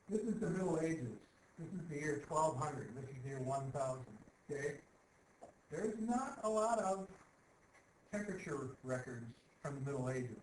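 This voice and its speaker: A man's voice: a little high, a little hiss or hum. A man giving a casual classroom lecture, walking through slides with sarcastic asides and asking his listeners if they follow. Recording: echoey room.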